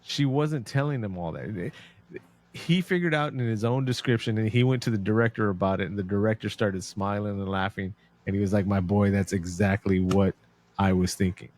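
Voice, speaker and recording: A man co-hosting a casual podcast about a film, retelling scenes with animated storytelling and acted-out quotes. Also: on the low side, brisk. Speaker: podcast co-host.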